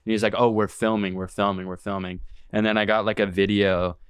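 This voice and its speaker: Young male podcast co-host, lowish clean voice, loose rambling delivery full of fillers. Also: little pitch movement, fairly quick, clean tone, dry recording, clean studio sound. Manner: rambling, filler-heavy, swears. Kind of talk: casual chat.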